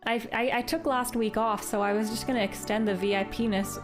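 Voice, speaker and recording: A woman's voice: on the high side, brisk, over music. A chatty young woman from Canada streaming a video game live, talking to her chat and giggling. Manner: chatty, giggly, bursts into excited squeals.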